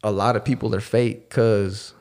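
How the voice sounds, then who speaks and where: A man's voice: fairly low pitch, steady tone, moderate pace, a little mellow. A young man co-hosting a podcast, telling a story in casual slang and acting out the people he quotes. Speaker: podcast co-host.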